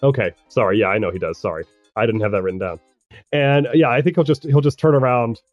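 A man's voice: medium pitch, fast, dry recording, muffled recording, faint music behind. A man narrating as game master of a tabletop game, hesitant and often restarting, with laughs.

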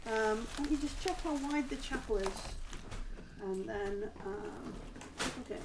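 A woman's voice: on the high side, a little slow, heavy background noise. A woman as game master, describing the scene with many hesitant ums. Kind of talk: running a tabletop game.

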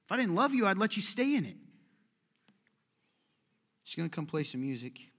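In a large church hall, a pastor with a high-pitched, very animated and somewhat bright voice preaches at normal speed. His sermon is casual, full of jokes, and peppered with pointed questions aimed at the congregation.

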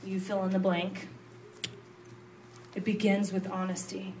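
A woman, a pastor's wife, giving an earnest, confessional sermon that moves between quiet low passages and emphatic rises. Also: monotone, unhurried, distant mic, soft background music.

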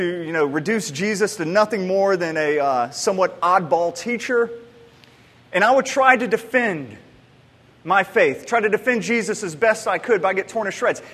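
A man's voice: sits high, fairly bright tone, breathy edge. A man in his thirties preaching a sermon, telling stories in a loose, conversational way with many restarts. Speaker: pastor. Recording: long hall reverb.

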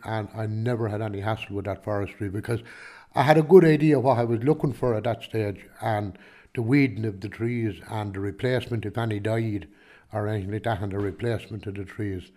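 A man's voice: lowish voice, fairly quick, darkish tone. A man with a Kilkenny Irish accent, a farmer answering interview questions in a rambling, chatty way, full of restarts and "do you know what I mean". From Ireland.

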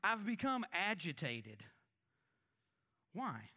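A man preaching as a pastor, talking conversationally and asking the congregation rhetorical questions, his voice swinging between emphatic lines and quiet asides. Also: high-pitched, big pitch swings, slow. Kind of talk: sermon.

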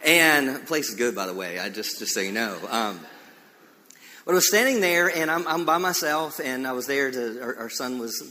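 A man preaching a sermon as pastor, animated and emphatic, telling stories with frequent restarts. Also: medium pitch, moderate pace. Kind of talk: sermon with storytelling. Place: church sanctuary. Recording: reverberant church hall.

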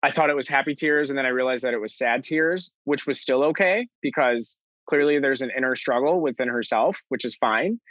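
A man's voice: mid-range voice, fairly quick, a bit bright, dry recording. An earnest young man tells his own story in an interview, circling back and restarting as he goes. His voice sits mid-range and the sound is dry and a little dull, with no room around it. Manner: earnest, rambling with many fillers and restarts. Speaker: interview guest.

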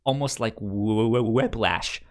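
A man co-hosting a podcast in casual chat, often stammering and restarting words, and acting out quotes in a loud raised voice. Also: lowish voice, a little slow. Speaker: podcast co-host.

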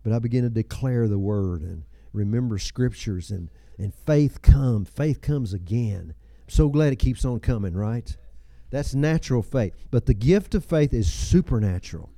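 An older man in his seventies delivers a sermon in a mellow, warm voice. He tells stories in a folksy way, chuckling and dropping personal asides, and the sound is dry and close. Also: mid-range voice, lively intonation, normal speed, hardly any pauses, dry recording. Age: 70s. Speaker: pastor.

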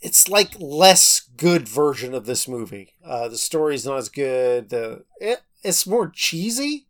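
A man's voice: medium pitch, big pitch swings, unhurried. A man co-hosting a podcast, chatting casually and cutting in with dry, teasing jokes. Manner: dry teasing interjections, joking. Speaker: podcast co-host. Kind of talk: casual chat.

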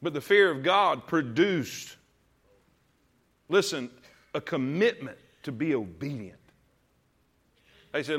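A man's voice: fairly high pitch, lively intonation, slow pace, pauses often, fairly bright tone, slightly rough. A man preaching a sermon to a congregation in church, emphatic, with many rhetorical questions, calling his listeners to read along with him. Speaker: pastor. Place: church service.

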